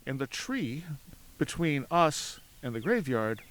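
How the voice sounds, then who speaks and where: A man telling a story as a podcast guest outdoors at a cemetery, animated, acting out voices in his anecdotes and laughing often. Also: medium pitch, slow. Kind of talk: casual storytelling.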